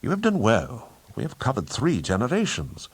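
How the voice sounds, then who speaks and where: A man's voice: mid-range voice, wildly swooping pitch, moderate pace, husky, voice pushed up, full character voice. A man reading an audiobook, voicing a composed British agent posing as a polite genealogist. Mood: earnest. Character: hard-pressed British male agent in disguise.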